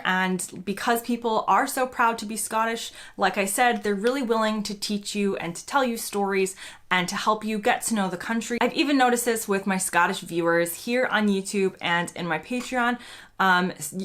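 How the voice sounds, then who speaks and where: A woman's voice: mid-range voice, fairly bright tone. A woman vlogging in a casual, chatty and upbeat way, with frequent fillers. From United States. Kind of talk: casual talking-head vlog.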